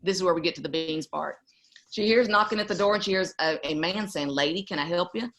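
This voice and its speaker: A woman's voice: lowish voice, fast talker, gravelly, fairly bright tone. A middle-aged woman from East Texas, telling a family story as an interview guest. She tells it with animation and laughs often.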